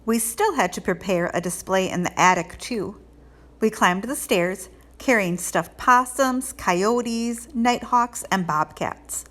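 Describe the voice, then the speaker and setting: Expressive woman reading a children's book aloud. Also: mid-range voice, takes it slowly. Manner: expressive, lilting storytelling. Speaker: read-aloud host. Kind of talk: children's storybook read-aloud.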